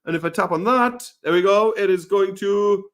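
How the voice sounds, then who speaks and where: A man's voice: sits high, normal speed, a bit bright. A man from Wales co-hosting a live lesson, giving an upbeat, enthusiastic step-by-step walkthrough. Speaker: co-host teacher. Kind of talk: casual step-by-step demo.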